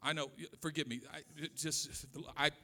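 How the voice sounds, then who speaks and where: A man's voice: on the high side, fairly even intonation, normal speed, sharp tone. A middle-aged man from Oakland, California, preaching a sermon with a repetitive, impassioned cadence and personal stories. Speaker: pastor.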